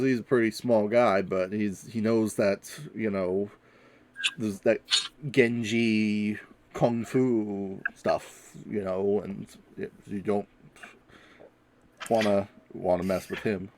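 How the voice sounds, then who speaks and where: A man narrates his character's actions in a tabletop game, rambling casually. He talks slowly and unhurriedly. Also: fairly low pitch, fairly even intonation, a little mellow, a little hiss or hum. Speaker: player.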